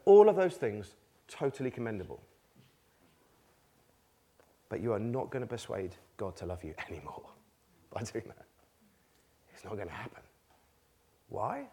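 A man's voice: on the low side, sing-song, moderate pace, pauses often, warm tone, husky. A man preaching a conversational sermon, asking rhetorical questions and laughing between points. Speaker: pastor.

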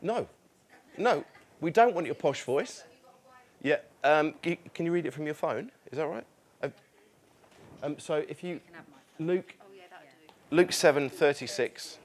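Brief: a church service leader, a man with a fairly high, lively voice, chatty and hesitant as he asks for volunteers. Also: unhurried, pauses often. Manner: hesitant and chatty, with many fillers and restarts. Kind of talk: casual hosting at a church gathering.

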